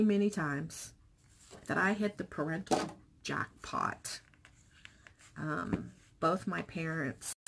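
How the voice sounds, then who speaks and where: A woman's voice: deep voice, vocal fry, a little hiss or hum. A middle-aged woman chatting in a personal vlog, telling a family story in an open, emotional way and acting out the dialogue. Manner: chatty and emotional, retelling dialogue with animated voices. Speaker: vlogger.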